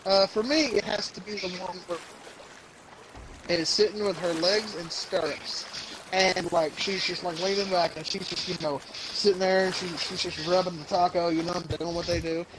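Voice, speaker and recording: A man's voice: sits high, steady tone, moderate pace. A young man hosting a podcast, rambling through crude stories in casual banter and putting on silly voices as he tells them. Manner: rambling storyteller, mimics voices, laughs a lot. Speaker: podcast host. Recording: noisy background.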